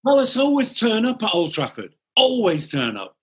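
High, husky male co-host, animated and teasing. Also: normal speed. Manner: teasing, contrary. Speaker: podcast co-host. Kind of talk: casual chat.

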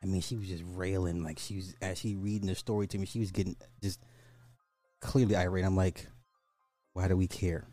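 A man's voice: sits low, flat delivery, a little fast, warm tone, no room sound, soft background music. A man hosting a podcast, reading news stories aloud and adding mocking asides in a casual way. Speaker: podcast host. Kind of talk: casual social commentary.

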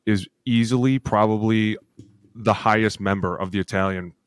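A man in his thirties co-hosting a sports podcast, telling animated locker-room stories full of acted quotes and cursing. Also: on the low side, moderate pace, clear, resonant tone, dry recording. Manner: animated storytelling with acted quotes, swears freely. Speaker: podcast co-host, former NFL lineman. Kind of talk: casual chat.

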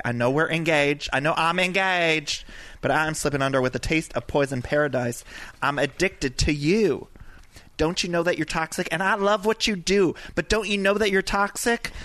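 A man's voice: fairly high pitch, pushed and bright, dry recording. A man doing an impression of a stressed reality-TV woman, reading song lyrics in a breathless, dramatic way.

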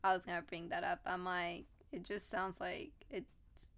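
A woman joins a casual podcast conversation. She speaks softly and offhandedly, in a somewhat low voice. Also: little pitch movement, measured pace. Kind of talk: casual chat.

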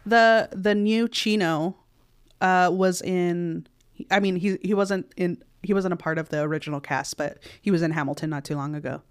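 Smooth-voiced co-host, rambling. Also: mid-range voice, moderate pace, no echo, clean studio sound. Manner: rambling, filler-heavy. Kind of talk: casual chat recapping a movie.

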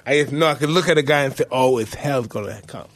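Podcast co-host, male, mid-pitched, profane and animated storyteller. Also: quick pace. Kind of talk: casual podcast chat.

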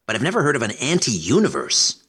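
A man's voice: mid-range voice, wildly swooping pitch, fairly quick, pushed and bright, husky. A man hosting a talk radio show, conversational and affable as he questions guests and introduces segments.

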